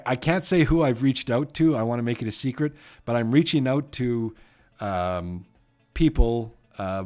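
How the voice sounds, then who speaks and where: A man with a Canadian accent, hosting a trivia live stream in a casual, rambling way that often trails off quietly. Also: lowish voice.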